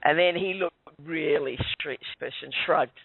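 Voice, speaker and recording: A man's voice: a little high, unhurried, vocal fry, dry recording. A man guesting on a radio show, telling a story with hesitant, stumbling restarts. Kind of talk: casual storytelling. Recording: dry tinny Skype call.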